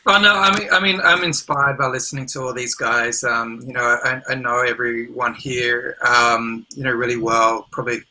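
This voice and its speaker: Man, Australian accent, very bright forceful voice, grateful, video call. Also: medium pitch, fairly even intonation, normal speed, hardly any pauses, rough recording. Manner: grateful, heartfelt. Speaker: panelist photographer. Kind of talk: livestream panel discussion.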